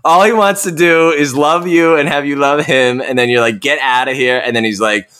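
A man's voice: fairly high pitch, normal speed, fairly bright tone, clean tone. Teasing male podcast co-host. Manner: teasing, interrupts with jokes. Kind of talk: casual chat.

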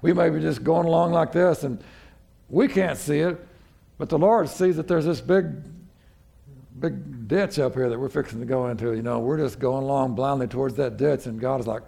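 Man, pastor, gravelly voice, folksy sermon, conversational with restarts. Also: medium pitch, normal speed, dark tone.

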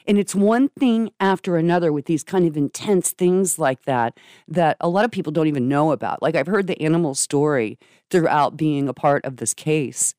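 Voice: mid-range voice, normal speed, no room sound. A podcast host guides a guest through a hard story. They respond with open, effusive sympathy. The recording is dry and close. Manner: warmly sympathetic, effusive reactions. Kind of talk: podcast interview.

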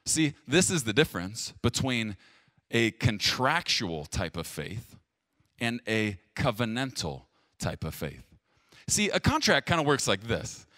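A male pastor delivering a sermon straight to his viewers, with a lively voice that leaps up for emphasis and sinks low and quiet. His sound is close and dry, with no room around it. He talks plainly and directly. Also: a little slow, no room sound. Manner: emphatic, swinging from loud stresses to hushed low lines.

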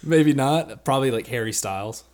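A man's voice: medium pitch, moderate pace, a little mellow. Man tossing out provocative joking takes. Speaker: podcast co-host. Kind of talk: casual comedic chat.

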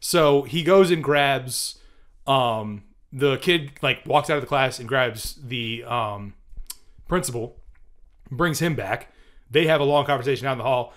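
Animated man telling a story. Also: medium pitch, unhurried. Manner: animated storyteller, laughs often, acts out voices. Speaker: podcast host. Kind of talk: casual storytelling.

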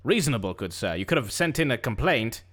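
Lively bright-voiced man bantering. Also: medium pitch, fast. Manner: mock-detective bluster, laughs often. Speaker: podcast co-host. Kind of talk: improvised comedy role-play.

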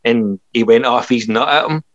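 A man's voice: medium pitch, normal speed, a bit bright, dry recording, muffled recording. Man rambling through film gossip. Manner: laughing, rambling film reviews. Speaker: podcast co-host. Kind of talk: casual chat.

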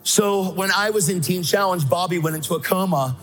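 A high-voiced man preaches fairly quickly as a guest speaker, recounting his personal testimony with emphasis and excitement and performing voices along the way. There's faint music behind.

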